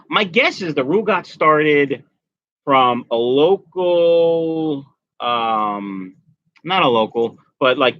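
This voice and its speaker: Chatty bright-voiced man hosting a live stream. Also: fairly high pitch, no echo, muffled recording. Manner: chatty, jokey, greets viewers by name. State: has a migraine. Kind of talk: casual live stream chat reading comments.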